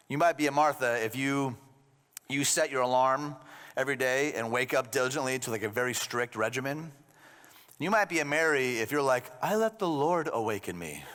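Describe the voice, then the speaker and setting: A man's voice: medium pitch, fairly bright tone, big-room sound. A man preaching a sermon as a pastor, conversational with joking asides.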